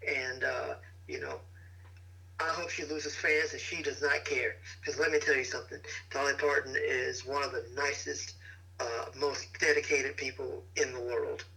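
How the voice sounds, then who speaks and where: A man with a bright, forward voice co-hosts a casual music-review chat. He speaks thoughtfully and hesitantly. He fills his pauses with ums and you-knows. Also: mid-range voice, fairly even intonation, vocal fry, rough recording. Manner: thoughtful, hesitant, many fillers. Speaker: podcast co-host.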